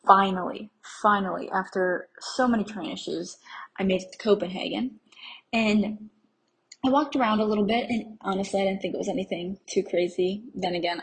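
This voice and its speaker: A woman's voice: medium pitch, low-quality recording. Chatty young American woman. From USA. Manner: chatty and rambling, laughing at herself. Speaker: travel podcast host. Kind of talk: casual travel recap.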